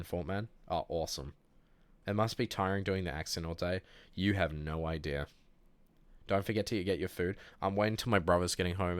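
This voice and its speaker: Male streamer, low voice, dry close sound, casual and rambling, unwell. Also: smooth, dry recording. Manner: rambling, jokey, many fillers and restarts. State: sick. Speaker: livestream host. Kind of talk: casual chat reading viewer messages.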